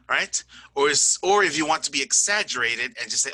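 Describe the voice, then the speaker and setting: A man with a slightly high, animated voice and sharp tone gives a recorded online English grammar lesson, joking and chatting as he goes. He repeatedly asks "right?" and "okay?" to check understanding and slows to spell out word endings. There's no echo.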